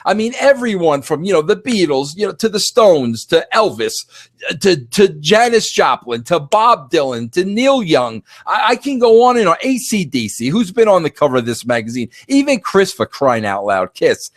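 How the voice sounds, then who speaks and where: Podcast host, male, fifties. Animated, emphatic delivery with frequent stammering restarts. Dry sound. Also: high voice, moderate pace, dry recording. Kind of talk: casual monologue.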